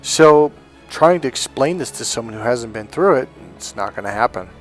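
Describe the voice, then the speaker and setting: A man's voice: medium pitch, normal speed, soft background music. A middle-aged man, a relationship coach, telling a personal story in a casual monologue, acting out the voices of the people he quotes, with lots of fillers. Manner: animated, acts out quoted voices, many fillers.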